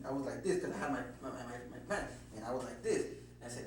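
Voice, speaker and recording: A man's voice: medium pitch, expressive, very fast. A man being questioned, nervously rambling through his account with lots of swearing and restarts. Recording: very echoey room, distant mic, faint hum.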